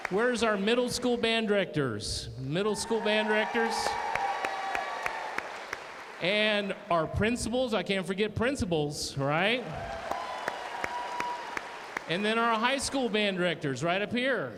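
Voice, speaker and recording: A man's voice: high voice, expressive, slow, long pauses. Upbeat band leader man, crowd behind. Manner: upbeat, addressing the audience. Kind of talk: introducing band members on stage. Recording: hall reverb with audible crowd and noise.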